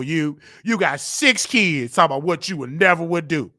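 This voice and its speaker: High-pitched man, bright sharp voice, Southern US accent, loud teasing live-stream host. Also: lively intonation, normal speed. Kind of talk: comedic live-stream rant.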